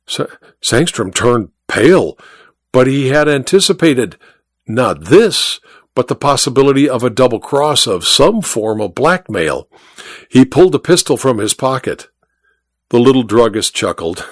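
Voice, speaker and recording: A male storyteller hosting a mystery hour, narrating with lively, wide-ranging pitch and dramatic emphasis. His voice sits in an even middle register, recorded close and dry. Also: measured pace, dry recording. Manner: expressive, dramatic delivery.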